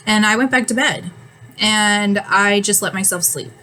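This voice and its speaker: A woman's voice: mid-range voice, normal speed, pushed and bright, slight background noise, poor audio. Chatty woman vlogging, a little winded. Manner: chatty, laughs often, trails off with ums. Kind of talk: casual rambling chat to camera.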